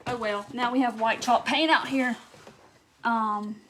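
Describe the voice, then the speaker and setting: A woman with a notably high voice hosts a live craft tutorial. She chats loosely as she works, stopping often to greet viewers by name and answer their comments. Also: fairly even intonation, unhurried, fairly bright tone, slight background noise. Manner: chatty, greets viewers by name while reading comments and working.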